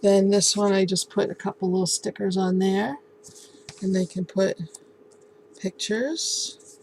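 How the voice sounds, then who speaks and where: A woman casually showing and explaining a handmade album in a relaxed, halting way, with many ums and restarts. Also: mid-range voice, vocal fry, slight background noise, low-quality recording. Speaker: crafting vlogger. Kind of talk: casual show-and-tell craft tutorial.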